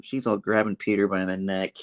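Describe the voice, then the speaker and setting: A man's voice: deep voice, flat delivery, a little fast. A man co-hosting an online comic review show, recapping the plot loosely with lots of fillers over a remote call link. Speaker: comic book reviewer and co-host.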